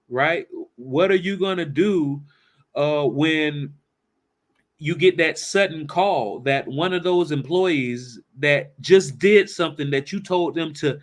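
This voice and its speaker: A man presenting a workshop, telling a story and asking the audience rhetorical questions in a conversational way. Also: on the high side. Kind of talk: storytelling in a seminar talk.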